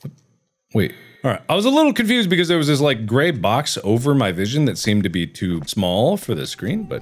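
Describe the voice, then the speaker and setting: Animated man yelping through a horror game. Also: fairly quick. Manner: animated, jumpy, breaks into high yelps and shouts. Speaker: gaming video host. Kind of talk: let's play commentary. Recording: steady background noise.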